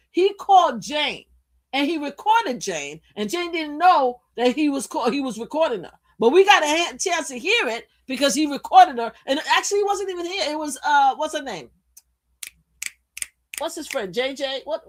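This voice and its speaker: A woman hosting a live stream who tells a story in a rambling, gossipy way, with swearing and frequent lost threads. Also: a little high. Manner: rambling and gossipy, swears, loses her train of thought. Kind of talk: casual storytelling commentary.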